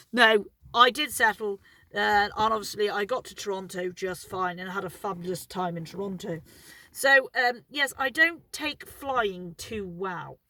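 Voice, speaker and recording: Brief: woman storyteller, rambling and cheeky, bright tone, dry close mic. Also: mid-range voice, moderate pace, no room sound. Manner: rambling, chatty, swears freely, laughs at herself. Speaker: vlogger telling stories. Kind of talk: casual anecdotal storytelling.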